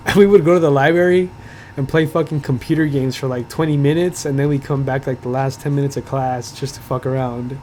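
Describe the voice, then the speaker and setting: A man's voice: medium pitch, fairly even intonation, a little fast, a little mellow, slight background noise. A young man hosting a podcast, telling a school story in loose, profane talk, full of "like" and laughter. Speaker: podcast host. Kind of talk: casual storytelling.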